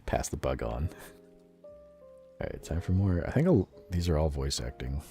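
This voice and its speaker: Deep-voiced gravelly streamer reading aloud. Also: male voice, expressive, a little slow, dark tone, soft background music. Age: 30s. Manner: reads dryly, breaks off into joking asides.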